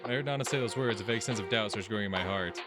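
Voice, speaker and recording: Let's play host: low-pitched man, casual, thinks aloud while reading. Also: rapid-fire. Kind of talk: reading visual novel text aloud and commenting. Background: game music.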